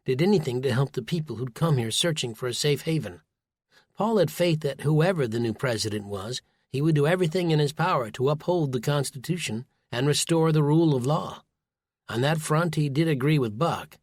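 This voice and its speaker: A man narrating an audiobook in a steady, even storytelling manner, recorded dry and close. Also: mid-range voice, no room sound. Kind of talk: scripted narration.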